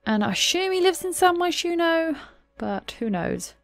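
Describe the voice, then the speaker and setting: Animated woman doing game commentary. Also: extremely high pitch, moderate pace, no echo. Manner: chatty, gasps and giggles at game drama. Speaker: gaming channel host. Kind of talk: let's play commentary. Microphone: desktop USB microphone.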